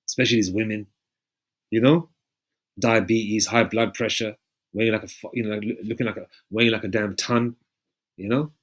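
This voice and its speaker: A man preaching in a loose, rambling way, often pausing to check in with his listeners and swearing freely. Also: fairly low pitch. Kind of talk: casual street-style preaching with scripture readings.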